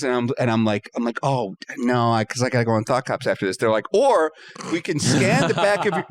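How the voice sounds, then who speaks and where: A man guesting on a comedy podcast, telling a story in an animated way, acting out both sides of each exchange and swearing freely. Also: medium pitch, fairly quick. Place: podcast studio.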